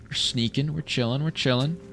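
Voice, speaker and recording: A Canadian man giving casual, excitable commentary while streaming a video game, reacting aloud and swearing freely. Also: mid-range voice, a little fast, creaky, soft background music.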